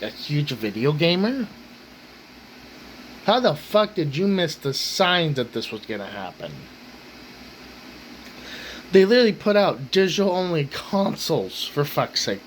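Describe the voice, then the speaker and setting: A man's voice: on the high side, a bit bright, slight background noise, poor audio. A man hosting his own rant channel, talking bluntly and swearing constantly in an angry rant.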